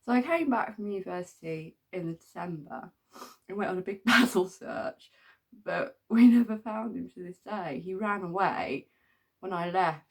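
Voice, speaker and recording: A woman's voice: on the low side, moderate pace, creaky. A middle-aged woman from England telling rambling stories in a casual, chatty way, with many ums and frequent laughs. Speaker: vlogger. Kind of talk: casual storytelling.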